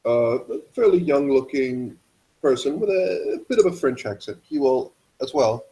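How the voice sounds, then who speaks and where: A man's voice: mid-range voice, lively intonation, normal speed, dark tone, poor audio. A man narrating a tabletop role-playing game as game master, descriptive with frequent hesitations.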